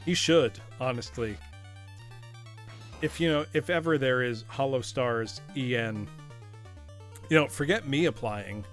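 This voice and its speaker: A male streamer talks his way through a retro game at mid pitch, loose and playful, breaking into laughter as he chats. He calls his viewers "class" like a teacher, with faint game music playing under his voice. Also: a little slow, pauses often. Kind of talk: live gaming commentary.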